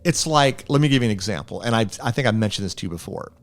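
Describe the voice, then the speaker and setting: A man's voice: lowish voice, expressive, rapid-fire. A man co-hosting a film review podcast, chatting casually and animatedly, swearing freely and laughing often. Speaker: podcast co-host.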